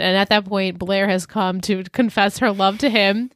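Animated woman recapping a show. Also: medium pitch, dry recording, clean studio sound. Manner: animated, acts out quotes in quick bursts. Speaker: podcast co-host recapping a TV episode. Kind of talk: casual chat.

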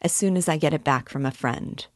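A woman's voice: deep voice, a little fast, no echo, clean studio sound. A woman reading a novel aloud, voicing a poor, troubled young man who is tense and secretive, muttering his thoughts.

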